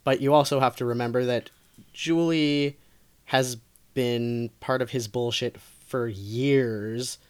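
A woman co-host narrates a true crime story in a relaxed, conversational way. She leans on fillers and laughs easily as she goes. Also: extremely low pitch, slow pace, clear, resonant tone. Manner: laid-back, laughs often, lots of fillers. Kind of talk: casual storytelling chat.

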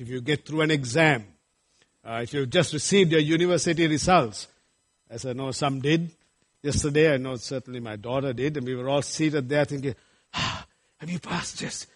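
A middle-aged male pastor preaching a sermon, emphatic and full of rhetorical questions. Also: a little high.

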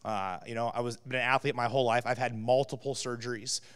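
Smooth-voiced pastor in a reverberant hall. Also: male voice, mid-range voice, steady tone, fast talker, fairly bright tone. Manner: conversational storyteller, many fillers. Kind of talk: sermon with personal story.

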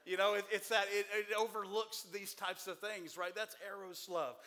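A man in his forties preaching a sermon to a church congregation, folksy and joking, with animated delivery. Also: high voice, normal speed, in a large hall. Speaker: pastor.

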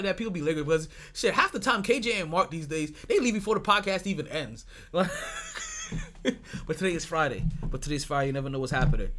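A man hosting a sports podcast in casual chat, animated, swearing freely and laughing often. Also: high voice, a little hiss or hum. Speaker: podcast host.

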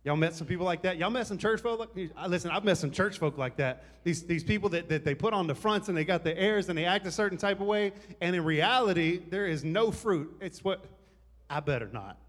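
A pastor delivers his sermon in a loose, conversational way, joking with the congregation as he goes. His voice sits a little high for a man. The sound carries the long reverb of a large hall. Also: fairly quick, hardly any pauses.

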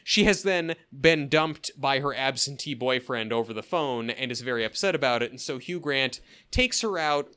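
Animated bright-voiced man chatting. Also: mid-range voice, moderate pace, smooth. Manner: animated, laughing, jokey asides. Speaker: podcast co-host. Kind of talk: casual chat reviewing a film.

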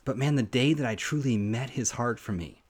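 A man with a medium-pitched voice hosts a devotional podcast, delivering a conversational sermon at a moderate pace. His preaching is earnest, heartfelt, and personal, and he frequently restarts his sentences.

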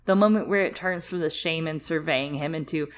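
A woman's voice: low voice, brisk. A young woman co-hosting a podcast, chatting animatedly about a book with lots of filler words. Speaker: podcast co-host. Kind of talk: casual book discussion.

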